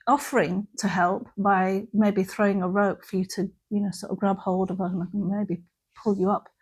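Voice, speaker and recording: Gentle breathy woman giving a reflective talk. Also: medium pitch. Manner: gentle, unhurried, acts out quoted phrases softly. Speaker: mental health instructor.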